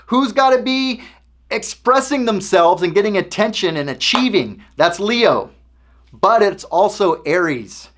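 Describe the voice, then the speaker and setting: A man's voice: fairly high pitch, fairly bright tone. A man hosting a casual explanatory talk, conversational and often checking in with the listener. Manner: conversational, keeps checking in with "okay?". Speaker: host.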